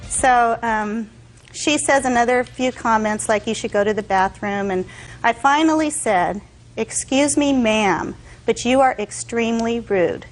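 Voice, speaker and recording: A woman's voice: on the high side, unhurried, soft background music, low-quality recording. A woman testifying as a defendant in court, telling her side in long detailed stories and acting out what others said.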